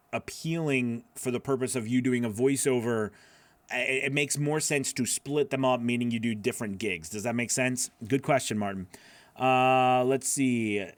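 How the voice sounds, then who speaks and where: A man's voice: mid-range voice, no room sound. A man hosting a live voiceover class, answering viewer questions in a loose, chatty way, with lots of fillers and laughing at himself.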